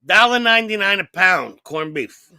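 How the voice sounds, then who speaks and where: A profane comedian man spinning a long, rambling yarn with a high, gravelly voice. His tone is bright and sharp, close and dry. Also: expressive, normal speed, dry recording. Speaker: podcast co-host. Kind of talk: comedic storytelling chat.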